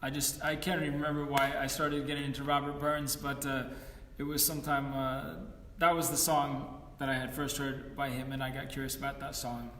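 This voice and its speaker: A man's voice: mid-range voice, little pitch movement, fairly quick, few pauses, bright, forceful tone, roomy sound, big-room sound, far from the mic, slight background noise. A man in his forties, a musician chatting between songs at an online concert, rambling and self-deprecating with many fillers. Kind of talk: casual chat between songs.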